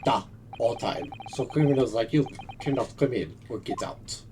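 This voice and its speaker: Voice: medium pitch, normal speed, noisy background, natural voice. A streamer voicing a blunt, suspicious male sailor guard with a put-on Russian accent and broken, clipped English, as part of a one-person game playthrough. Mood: defensive. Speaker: game character. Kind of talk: solo voice acting of a game playthrough.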